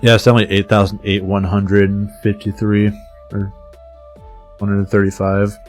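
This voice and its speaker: Streamer: man, lowish voice, dramatic visual novel read-aloud, faint music behind. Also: flat delivery, unhurried, a little mellow. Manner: dramatic reading with casual swearing asides.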